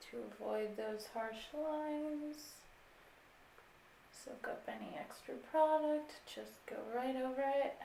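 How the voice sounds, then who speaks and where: A woman's voice: on the high side, creaky, fairly bright tone, slight background noise. A woman in her twenties giving a casual makeup tutorial, explaining each step in an easygoing way with lots of filler words. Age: 20s. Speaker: beauty vlogger. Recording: roomy echo, faint ambience.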